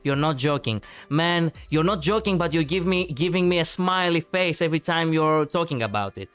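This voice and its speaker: A man's voice: on the high side, expressive, moderate pace, a bit bright, clean tone, soft background music. A man chatting casually on a live stream, rambling and reacting to viewers with many fillers.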